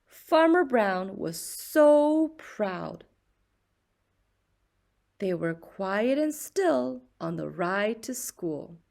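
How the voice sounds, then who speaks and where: Slow, lively woman reading a picture book. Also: mid-range voice, gravelly. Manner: slow, expressive storyteller's voice. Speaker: children's book reader. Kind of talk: picture-book read-aloud.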